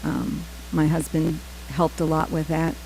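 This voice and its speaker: A middle-aged woman giving a temple class, telling personal stories with many "um" pauses and acted-out quotes. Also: sits low, level tone, creaky, a little mellow, slight background noise, rough recording. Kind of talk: scripture class with personal storytelling.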